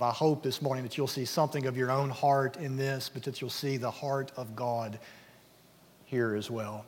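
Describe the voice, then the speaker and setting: Earnest preacher in a reverberant hall. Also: male voice, mid-range voice, unhurried, pauses often. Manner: earnest, dropping to a hush at key points. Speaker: pastor. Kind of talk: sermon. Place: church sanctuary. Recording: long church-hall reverb.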